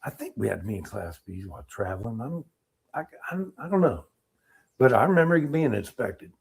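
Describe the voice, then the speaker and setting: A middle-aged man, an Army veteran, telling war-era stories in a casual interview, animated and acting out what people said. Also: mid-range voice, fairly quick, vocal fry, husky. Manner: animated storyteller, acts out quotes, laughs.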